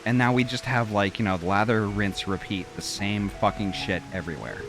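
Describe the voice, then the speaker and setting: A man with a low-pitched voice chats casually on a game stream, rambling through his thoughts with plenty of fillers and restarts. Faint music plays underneath his talk. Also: moderate pace. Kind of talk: casual chat while gaming.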